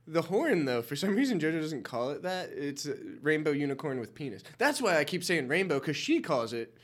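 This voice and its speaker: A young man co-hosting a podcast, telling relaxed stories and often trailing off into a quieter voice. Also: on the high side, a little fast. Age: young adult. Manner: easygoing storytelling, drops to a mumble at times. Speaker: podcast co-host. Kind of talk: casual chat.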